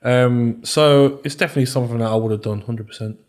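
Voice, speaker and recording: A man's voice: medium pitch, fairly even intonation, fast talker, a little mellow. A man in his thirties with a Birmingham accent chats easily as a podcast guest. His talk is loose and rambling, full of ums and "you know what I mean". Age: 30s. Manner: chatty, many fillers and repeated "do you know what I mean". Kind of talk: casual interview chat.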